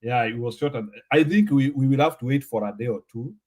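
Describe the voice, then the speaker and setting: A man's voice: mid-range voice, fairly quick, darkish tone. A Kenyan man hosting a casual chat, joking and laughing often as he mixes English and Swahili.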